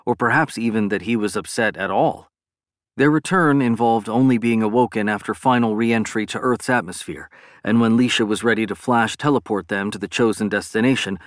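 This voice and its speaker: A man narrating a science fiction novel in a steady, measured reading. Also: on the low side, no echo, clean studio sound. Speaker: audiobook narrator. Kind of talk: scripted narration.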